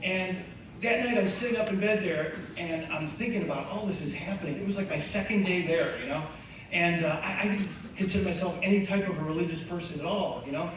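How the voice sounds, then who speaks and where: Animated man telling a story in an echoey hall. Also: high voice, a little fast. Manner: animated, laughing, conversational, many fillers. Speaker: musician giving testimony. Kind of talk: storytelling testimony talk. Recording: echoey hall from far off, faint noise.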